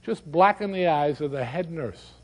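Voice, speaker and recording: A man voicing a sharp-tongued woman hospital nurse in a stage monologue, brisk and skeptical. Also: on the high side, expressive, big-room sound, natural voice.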